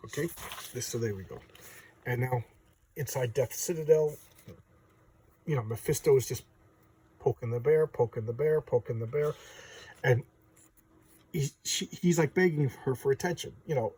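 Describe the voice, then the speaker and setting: A man's voice: mid-range voice, moderate pace, long pauses, dark tone, slightly rough. A man chatting casually as a comic book reviewer, rambling with lots of fillers and restarts. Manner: rambling, filler-heavy, enthusiastic. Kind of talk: casual chat. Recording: distant mic.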